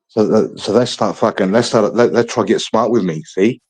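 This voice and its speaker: Australian bloke from Adelaide, lowish husky voice, blunt, sweary, casual podcast chat. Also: male voice, brisk, darkish tone. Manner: blunt, swears a lot, repeats himself. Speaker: podcast guest, football supporter.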